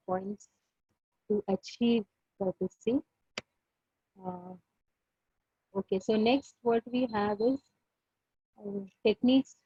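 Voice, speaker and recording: A woman lecturer with an Indian English accent teaching an online class, repeating points and pausing on many fillers. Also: mid-range voice, slightly rough, no echo, highs cut off. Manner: repetitive, pauses with many fillers.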